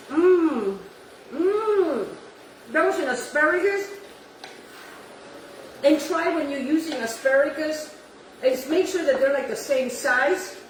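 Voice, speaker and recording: In a home kitchen, a woman with a high voice hosts a cooking demonstration, effusively gushing over the food, repeating "beautiful" and "wonderful," and dropping in Italian words. The low-quality recording sounds roomy, with her far from the mic and slight background noise.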